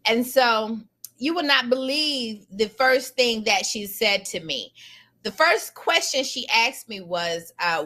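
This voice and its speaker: A middle-aged woman, a lawyer telling a personal story in an animated, emphatic, colloquial way. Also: fairly high pitch, a little slow.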